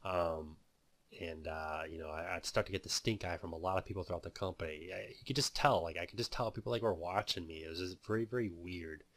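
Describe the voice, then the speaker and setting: A man's voice: sits low, quick pace, fairly bright tone. A man telling his own story and teaching day trading in a loose, rambling way, full of "you know" fillers. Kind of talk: casual spoken testimony.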